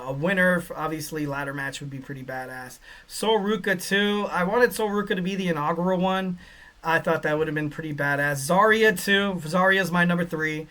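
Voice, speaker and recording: A man hosting a casual solo podcast, rambling with lots of fillers and getting excitable. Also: a little high. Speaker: podcast host.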